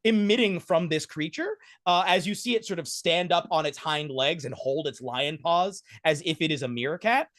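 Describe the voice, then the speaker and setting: A man's voice: a little high, normal speed, few pauses, fairly bright tone, no room sound, studio quality. A man narrating a tabletop game as game master, rambling with restarts. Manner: rambling, full of fillers and restarts.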